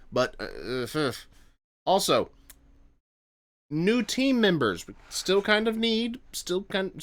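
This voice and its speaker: Man, reaction host, rambling, tired, bright tone, slightly high. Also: smooth. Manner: rambling, trails off and restarts. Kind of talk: casual reaction commentary.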